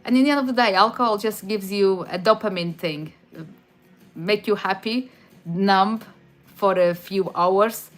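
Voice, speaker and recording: A woman's voice: mid-range voice, unhurried, soft background music. A woman from Madeira with a Portuguese accent, chatting casually on a stream and answering viewers' questions, with frequent restarts. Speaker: livestream host answering chat. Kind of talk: casual chat.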